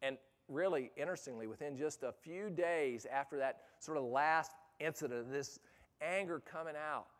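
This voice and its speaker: A man's voice: on the high side, normal speed. A middle-aged man telling a personal story in a sermon to youth ministry leaders, earnest, often restarting words and building to emphatic urgency.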